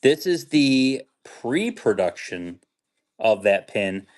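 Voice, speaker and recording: A man's voice: medium pitch, sing-song, slow, darkish tone. A man hosting a pin sale livestream, chatting casually with restarts and calling out auction items. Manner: rambling, enthusiastic, restarts sentences. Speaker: host selling pins on a livestream. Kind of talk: casual chat and auction calls.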